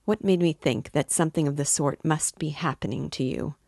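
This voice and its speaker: Suspicious young student, voiced by a woman reader, sharp guarded questions, low voice, dry sound. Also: brisk, gravelly, no room sound. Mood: tense. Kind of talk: reading a novel aloud.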